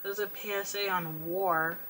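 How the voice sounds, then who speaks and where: Bright-voiced young woman venting candidly. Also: mid-range voice, fairly even intonation, normal speed, a little hiss or hum, low-quality recording. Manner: candid, self-deprecating, frequent swearing, restless. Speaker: vlogger. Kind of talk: late-night rambling vent.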